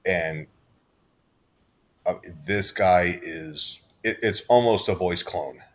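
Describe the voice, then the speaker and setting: A man's voice: deep voice, takes it slowly. A man from Southern California, co-hosting a podcast in casual chat, rambling with restarts and fillers. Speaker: podcast co-host.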